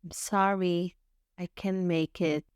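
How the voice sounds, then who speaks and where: A woman teaching English, reading short everyday phrases one at a time with careful, deliberate enunciation and pauses between them. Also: on the low side, steady tone, clear, resonant tone, no echo, clean studio sound. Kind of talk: slow phrase-by-phrase reading for learners.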